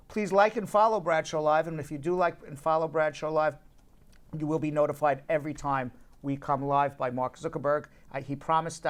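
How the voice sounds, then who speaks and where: A man hosting a live call-in show about immigration. He laughs and jokes with his co-hosts, then turns earnest and keeps repeating his pitch to callers. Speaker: talk show host and immigration lawyer.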